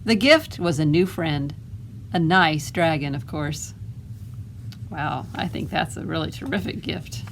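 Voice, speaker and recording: A woman librarian reading a picture book aloud to children, gently stopping to ask them questions. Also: low voice, expressive, measured pace, slight background noise, rough recording.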